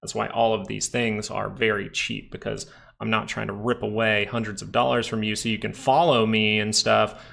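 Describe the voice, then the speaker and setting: This man's voice is fairly low, gravelly and fairly bright, with a flat delivery at normal speed. Hosting a live stock market stream, he walks through charts, reads the chat and answers viewers in a chatty way, frequently ending lines with tag questions like "right?"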